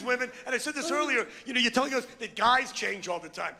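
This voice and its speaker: A middle-aged man doing a brash, crude, ranting stand-up comedy routine on stage, with loud outbursts. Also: very high voice, animated, quick pace, gravelly. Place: comedy stage before a live audience.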